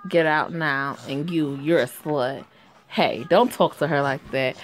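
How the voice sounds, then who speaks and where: A woman reading a story game aloud and reacting to it in a sassy, profane way that is quick to laugh. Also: low-pitched, soft background music.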